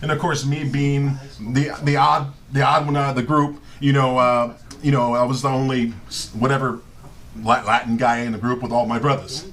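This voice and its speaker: A middle-aged man telling comic stories on a live show, animated and profane, often breaking into laughter. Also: medium pitch, normal speed, slight background noise. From Southern California. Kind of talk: casual comedic storytelling. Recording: live stream with faint ambience.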